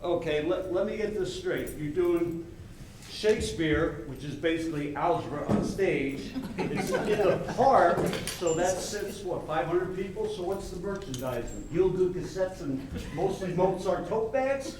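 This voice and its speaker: A man's voice: sits high, animated, unhurried, a crowd in the background. A man playing a pushy wisecracking Hollywood agent. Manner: pushy, wisecracking salesman patter. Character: brash fast-talking male Hollywood agent. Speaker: stage actor. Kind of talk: live amateur stage play. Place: theater stage. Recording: echoey stage from far off.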